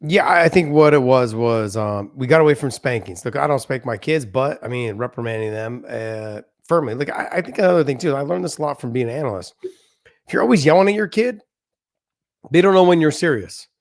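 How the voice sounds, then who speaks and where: Man, middle-aged, earnest, explanatory, podcast guest, medium pitch. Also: expressive, a little fast, no room sound, clean studio sound. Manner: earnest, explains with examples and quoted voices. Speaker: podcast guest, former fighter. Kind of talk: casual conversation.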